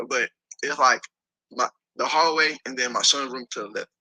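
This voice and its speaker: Husky-voiced man, very sharp and tense tone, animated profane storyteller who acts out the voices in his story, dry close sound. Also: medium pitch, normal speed, dry recording, low-quality recording. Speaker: interview guest. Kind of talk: casual storytelling in an interview.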